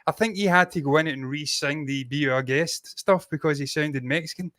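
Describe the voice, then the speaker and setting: A man co-hosting a casual film review podcast, blunt and animated, swearing freely. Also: fairly high pitch, moderate pace, slight background noise.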